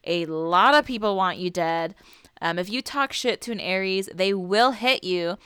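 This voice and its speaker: A woman's voice: medium pitch, moderate pace, a bit bright, clear, resonant tone, dry recording, clean studio sound. A woman co-hosting a podcast in casual chat, crude and playful, laughing often. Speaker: podcast co-host.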